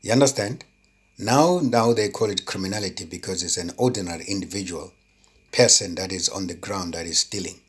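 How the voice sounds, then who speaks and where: A man's voice: low-pitched, a little fast, breathy edge. A man giving an impassioned opinion monologue, indignant and full of rhetorical questions, stumbling over repeated words when heated. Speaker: political commentator.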